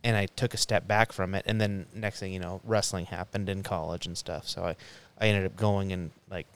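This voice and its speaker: A young man with a deep, slightly bright voice and clean tone co-hosts a podcast round table, speaking a little fast with fairly even intonation. In casual chat he tells a long, rambling story, swearing often and restarting his sentences.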